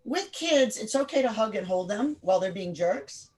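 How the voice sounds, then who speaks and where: A woman leading an interactive online class over a video call, direct and firm, quizzing the group with quick questions. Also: medium pitch, lively intonation, a little mellow. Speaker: workshop instructor.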